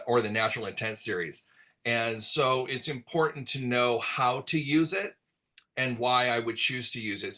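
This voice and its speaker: A middle-aged man, a hair colorist, explaining color formulas in a relaxed, rambling way with many fillers during a virtual class. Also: medium pitch.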